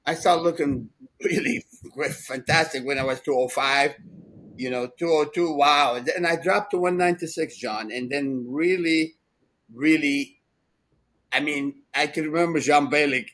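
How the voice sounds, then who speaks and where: Sixties male co-host, animated rambling storyteller, slightly high pitch. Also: moderate pace, poor audio. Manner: rambling, animated, laughs often. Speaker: podcast co-host. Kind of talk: casual storytelling chat.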